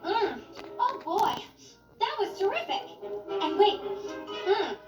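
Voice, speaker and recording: A woman voicing an excited young girl chewing gum in an animated film. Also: very high-pitched, slow pace, full character voice. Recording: echoey, distant, dull with music.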